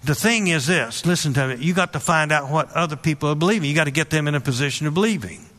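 Bright-voiced man preaching with emphatic asides. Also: on the high side, animated, fast. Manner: storytelling, repeats words, emphatic asides. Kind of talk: sermon.

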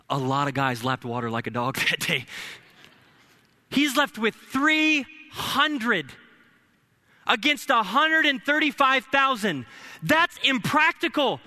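A young man's voice, pitched unusually high and strikingly bright and sharp, preaching with energy. He mixes jokey asides into his sermon and climbs to shouted exhortation. An upbeat, forceful pulpit delivery. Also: sing-song, slow pace, pauses often. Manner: builds to shouting. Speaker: pastor.

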